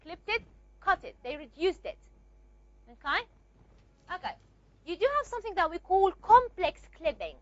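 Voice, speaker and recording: High-voiced woman teaching a lecture. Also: sing-song, normal speed, pauses often, dry recording, lo-fi sound. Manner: repeats and asks rhetorical checks, with frequent fillers. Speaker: linguistics teacher. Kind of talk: recorded classroom lecture.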